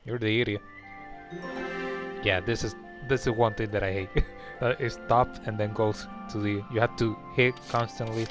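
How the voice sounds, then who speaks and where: A man's voice: fairly low pitch, fairly even intonation, moderate pace. A man giving rambling, casual commentary over a video game he is playing. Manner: rambling, chatty. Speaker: let's play commentator. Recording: game music behind.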